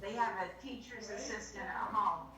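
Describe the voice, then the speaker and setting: A woman on a discussion panel, quickly and chattily retelling a conversation. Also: medium pitch, bright, forceful tone. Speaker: panel member. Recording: echoey room, distant mic, chatter.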